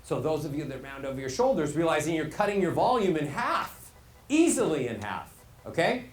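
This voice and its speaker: A man teaching a live workshop as a voice coach, animated and demonstrative, asking his audience questions. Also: on the high side, brisk. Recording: roomy echo, faint hall ambience.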